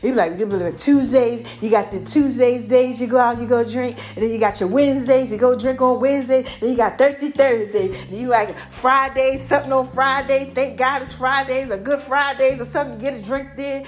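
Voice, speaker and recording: An American woman hosts her own solo podcast, chatting animatedly and casually and calling her listeners y'all. Her high voice is fairly quick with few pauses, and faint music plays behind her.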